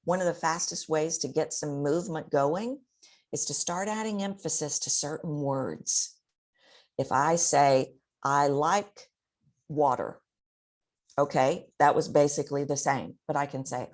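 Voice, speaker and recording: A woman with a notably low voice gives expert advice as a voice coach. She talks expressively and often demonstrates the techniques she describes. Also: measured pace, darkish tone. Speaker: voice coach guest.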